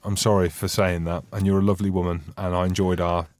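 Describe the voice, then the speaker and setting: A man's voice: low voice, level tone, fast talker, darkish tone, no echo. A man co-hosting a podcast, chatting casually with teasing, mock-dim banter. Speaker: podcast co-host. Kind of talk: casual chat.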